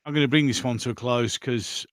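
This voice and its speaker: This livestream host chats informally, voicing viewer comments and reacting to each one. His mid-range voice moves along fairly quickly, captured in studio quality with no echo.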